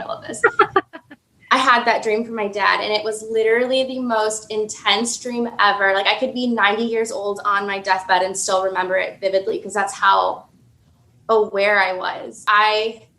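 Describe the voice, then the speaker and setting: A young woman in her twenties telling a personal story as a podcast guest, chatty and full of "like". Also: a little high. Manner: animated, filler-heavy storytelling with frequent "like". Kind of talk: casual storytelling. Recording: echoey room.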